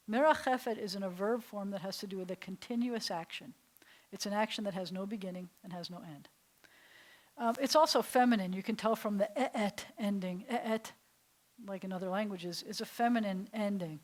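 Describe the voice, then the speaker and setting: A woman's voice: mid-range voice, poor audio. Woman rabbi teaching a Hebrew class. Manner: warm, playful, savors words, drops to a soft whisper for effect. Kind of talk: adult class lesson.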